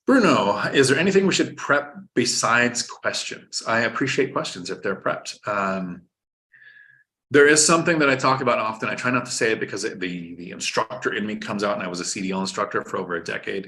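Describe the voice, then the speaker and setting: A man's voice: lowish voice, expressive, brisk, fairly bright tone. A man hosting a live-stream finance talk, explaining step by step in an instructive way and cracking jokes while reading viewer chat. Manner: instructive, joking, reads viewer chat aloud. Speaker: host.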